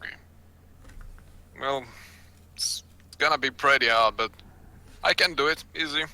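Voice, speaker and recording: Bright-voiced young man, joking player. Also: mid-range voice, unhurried. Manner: flippant, joking. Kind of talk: casual in-character game chat.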